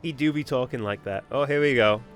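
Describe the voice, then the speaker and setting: A man streaming a game, joking around and reading its dialogue aloud with quick quips. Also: mid-range voice, faint music behind. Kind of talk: casual game commentary.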